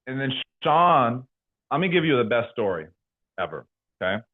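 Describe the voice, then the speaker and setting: Lively young man, tinny lo-fi sound. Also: mid-range voice, moderate pace, pauses often. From California. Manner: animated storyteller, slangy, laughs a lot. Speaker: insurance sales trainer. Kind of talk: motivational team talk.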